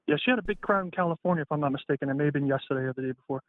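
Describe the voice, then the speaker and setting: Male caller from the Bronx, rapid and casual, fairly high voice over a thin phone line. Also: dry recording. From the Bronx, New York. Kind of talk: phone call-in conversation.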